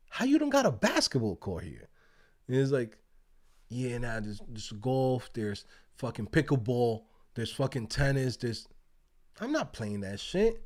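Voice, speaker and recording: A man, hosting a casual livestream, telling stories with lots of swearing and laughter. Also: high-pitched. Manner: animated, profane, laughing storyteller. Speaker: livestream host. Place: outdoors.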